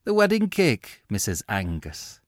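A man reading aloud plays a serious, whimsical young man who speaks with precision and a deadpan manner. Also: lowish voice, measured pace, no echo, studio quality. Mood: grave. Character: grave, whimsical red-haired young man.

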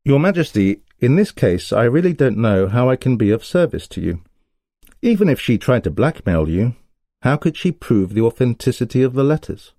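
A man voicing a calm, shrewd detective who speaks in a measured, courteous way in a storybook reading. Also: medium pitch, no room sound, clean studio sound, voice pushed up.

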